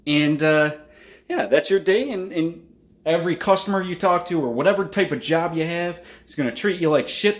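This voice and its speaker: A man talks straight to his channel viewers in a loose, unscripted motivational monologue. His voice is pitched a little high for a man and swings widely up and down as he acts out cursing, frustrated outbursts between calmer stretches. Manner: animated, swears freely, acts out frustrated outbursts. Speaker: channel host.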